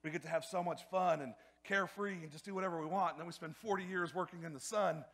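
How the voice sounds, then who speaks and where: A male pastor preaching a sermon in a church, energetic and repetitive, often building to loud emphasis. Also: a little high, fast talker.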